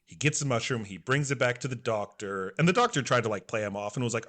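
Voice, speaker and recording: A young adult man co-hosting a podcast, recapping a story in an animated, emotional way. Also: medium pitch, fast talker, hardly any pauses. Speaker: podcast co-host.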